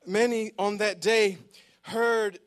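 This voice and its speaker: A man's voice: high voice, fairly even intonation, slow pace, clear, resonant tone. A man preaching a sermon in a church, fervent and emphatic, repeating words as he presses his point. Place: church sanctuary.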